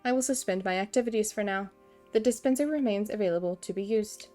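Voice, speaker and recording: A woman's voice: medium pitch, fast talker, mellow, faint music behind, lightly acted. A woman reading the lines of a dutiful robot construct worker aloud in a formal, polite, matter-of-fact way. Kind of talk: reading game dialogue aloud.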